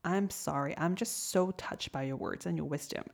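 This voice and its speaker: A woman's voice: deep voice, normal speed, creaky. A woman voicing a grumpy, despairing male lobster in a storybook tale, with exasperated, whiny outbursts. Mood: curious, touched.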